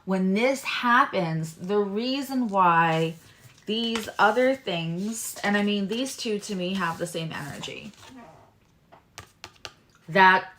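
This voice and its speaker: A woman's voice: medium pitch, slow pace, fairly bright tone, a little hiss or hum. Chatty woman giving live tarot readings. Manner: chatty and rambling, talks to chat viewers. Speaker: tarot reader hosting a live stream.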